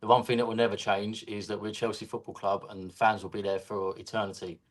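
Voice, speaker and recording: A man's voice: fairly low pitch, level tone, fairly quick. A man, a guest on a fan show, talking passionately in long runs about his club. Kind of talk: casual fan discussion.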